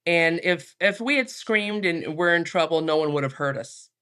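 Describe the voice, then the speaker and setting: Woman guest, bright voice, calm measured storytelling, lots of ums. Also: on the low side, smooth. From United States. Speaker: podcast guest, minister. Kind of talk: personal storytelling.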